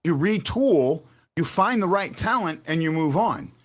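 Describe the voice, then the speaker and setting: A man hosts a casual sports talk show, his voice high and very lively. He talks in an animated way, often repeating a word a few times before he lands his point. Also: a little slow. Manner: animated, repeats words when starting a point. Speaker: host.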